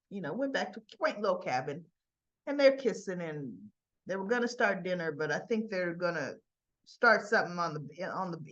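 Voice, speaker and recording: A woman's voice: medium pitch, highs cut off. Chatty woman recapping soap scenes. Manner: chatty, retells scenes with quoted dialogue and asides. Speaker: soap opera reviewer. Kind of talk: casual recap chat.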